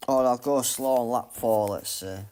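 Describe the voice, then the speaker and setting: A man streaming a racing game live, muttering commentary to himself and breaking into loud self-mocking outbursts. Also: mid-range voice, moderate pace, clear, resonant tone. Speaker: gaming streamer.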